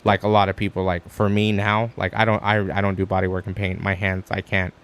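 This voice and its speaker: Low-voiced male podcast guest, loose and animated storyteller, swears a lot. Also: brisk. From Arizona, USA. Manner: animated storyteller, acts out quotes with high pitch jumps, swears freely. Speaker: guest, stand-up comic. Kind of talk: casual podcast chat.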